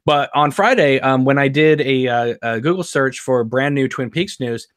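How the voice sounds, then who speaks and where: A man's voice: mid-range voice, moderate pace, a bit bright, dry recording, studio quality. A man hosting a podcast in casual chat, hesitant with many ums and you-knows. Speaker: podcast host.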